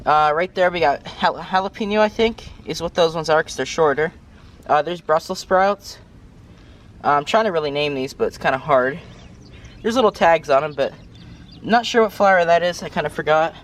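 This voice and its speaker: Gardening vlogger, man, slightly high voice, breathless, rambling outdoor camera talk. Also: moderate pace. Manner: rambling, self-correcting, apologetic asides. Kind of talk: casual garden tour. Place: outdoors in a garden, cars passing.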